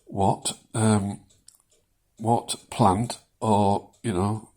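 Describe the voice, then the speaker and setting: Older guy in his 70s, slow husky voice, shaky, chuckles at his own jokes while he rambles. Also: fairly low pitch, darkish tone. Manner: rambling, self-deprecating, chuckles often, many ums. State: shaking. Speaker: vlogger sharing his cancer experience. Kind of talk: casual personal vlog.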